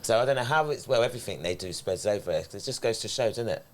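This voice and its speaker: A man's voice: lowish voice, lively intonation, quick pace. Man giving emphatic opinions. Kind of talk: casual group discussion.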